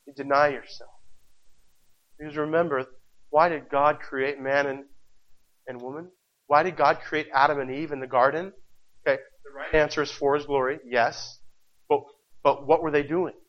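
Man, pastor, passionate sermon, fairly high voice, dull lo-fi recording. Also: steady tone, normal speed, pauses often. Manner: impassioned, repetitive preaching with rhetorical questions.

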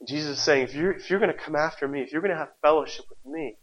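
A man's voice: on the high side, rapid-fire. A married man preaching a sermon with passion, repeating phrases and asking the congregation rhetorical questions. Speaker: pastor. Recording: dull lo-fi recording.

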